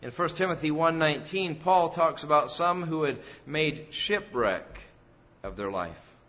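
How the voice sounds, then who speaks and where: A man delivers a sermon with a bright, forceful voice and a slightly raised pitch. He preaches emphatically, pushing loud on key phrases. The recording has a dull, lo-fi sound. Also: lively intonation, measured pace. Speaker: pastor.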